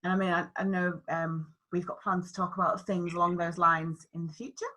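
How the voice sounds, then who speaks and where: A woman co-host with a somewhat low voice. She talks through a casual chat in a steady, agreeable way, summing up points calmly. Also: fairly quick, rough recording. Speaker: podcast co-host.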